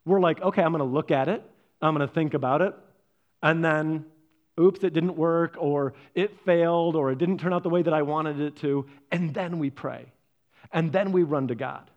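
A man's voice: fairly high pitch, moderate pace, highs cut off. A man preaching a sermon, telling personal stories and acting out his own reactions. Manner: animated storyteller, acts out his own reactions. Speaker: pastor.

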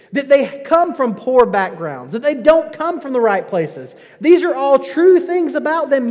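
A man preaching a sermon, emphatic and full of rhetorical questions, often dropping low at the ends of phrases. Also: a little mellow. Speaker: pastor. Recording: long hall reverb.

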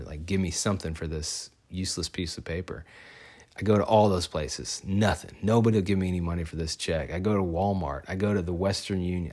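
A man's voice: low-pitched, darkish tone. A man casually telling a personal story, talking loosely with fillers and restarts.

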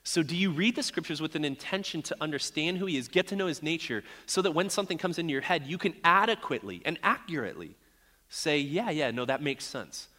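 A man's voice: fairly high pitch, lively intonation, quick pace, pushed and bright. Conversational male preacher in a reverberant hall. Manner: conversational, storytelling, many fillers. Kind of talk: sermon.

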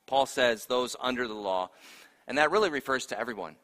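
A man's voice: mid-range voice, expressive, fairly quick. Man preaching in a reverberant hall. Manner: preaching with sharp swings from hushed to loud. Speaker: pastor. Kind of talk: sermon.

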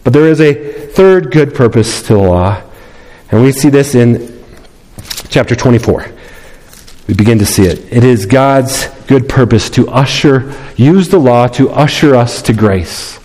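Emphatic preacher in a reverberant hall. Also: male voice, mid-range voice, animated, unhurried, a little mellow, slight background noise. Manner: emphatic, repeats key phrases, acts out quoted voices. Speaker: pastor. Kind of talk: sermon. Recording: long reverb of a large hall.

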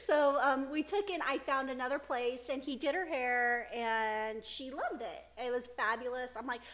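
This middle-aged podcast co-host and mother has a high, fairly bright voice with a steady tone and moderate pace. In casual chat, she tells stories and laughs frequently.

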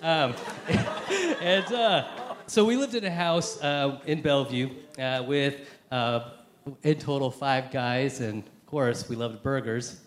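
Young man sharing a halting testimony. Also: medium pitch. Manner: halting, many fillers and restarts, laughs often. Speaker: church speaker sharing testimony. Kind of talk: personal testimony talk. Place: Seattle area.

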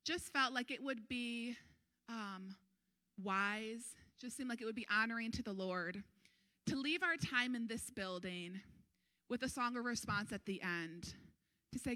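A woman pastor preaching a sermon, earnest and animated, urging her congregation on. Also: measured pace, faint music behind. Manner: animated, acts out crowd voices with sudden high pitch.

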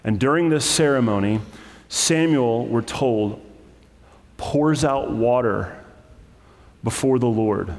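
A male pastor delivers a sermon in a slightly low voice, talking to the congregation in a relaxed, conversational way with asides and quick self-corrections. The sound carries a long hall reverb, as in a church sanctuary. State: choked up with emotion.

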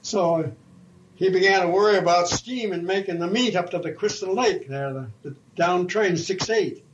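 An older man with a notably high voice recalls the old days in a slow, halting, folksy manner. He speaks as a retired railroad fireman spinning a long yarn for an oral history. The sound is dull and lo-fi, like an old tape recording. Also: a little hiss or hum.

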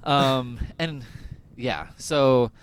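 A young man hosting a podcast, recapping an episode in casual chat, laughing often and filling pauses with "um" and "like". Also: medium pitch, clear, resonant tone. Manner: laughs often, goofy and animated, lots of fillers. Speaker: podcast host.

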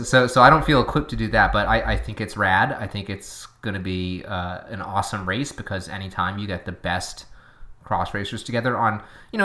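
A man's voice: fairly low pitch, a bit bright. A man with a Boston accent co-hosting a podcast, chatting casually and opinionatedly, wandering into tangents. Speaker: podcast co-host.

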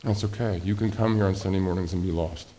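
A man's voice: sits low, steady tone, fast, warm tone. A man preaching a sermon as pastor, speaking conversationally, asking the congregation questions and acting out quoted voices.

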